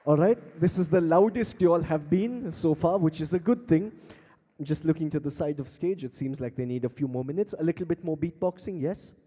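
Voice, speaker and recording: A man's voice: a little high, fairly quick, dark tone, breathy edge. A man with an Indian English accent hosting a live conference on stage as emcee and beatboxer, playfully coaxing the audience to join in. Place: large conference hall stage. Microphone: handheld stage mic. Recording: long hall reverb.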